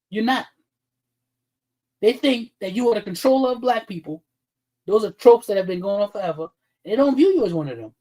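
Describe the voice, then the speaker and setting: A man's voice: high voice, a little mellow, poor audio. A man hosting a livestream, ranting bluntly and heatedly with heavy profanity and calling out viewers in chat by name. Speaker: livestream host. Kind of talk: livestream commentary rant.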